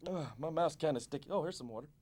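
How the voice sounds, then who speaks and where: A man playing a loud, peppy football coach who leads kids through a short workout with shouty, hyped-up cheering. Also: on the high side, fast talker, close to an everyday voice. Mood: pumped up. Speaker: fitness coach. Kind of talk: scripted kids' fitness skit.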